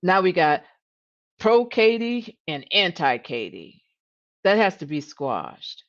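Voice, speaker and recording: Low-voiced woman coaching on a livestream. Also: sing-song, slow, dull audio. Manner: earnest, repeats words and says "you know" often. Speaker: leadership coach and host. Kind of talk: live-streamed coaching talk.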